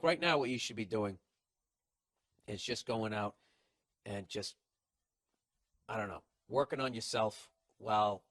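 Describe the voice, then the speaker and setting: A man's voice: lowish voice, a bit bright, dry recording. A man hosting a podcast, giving blunt, profane, rambling comedic advice. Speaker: podcast host.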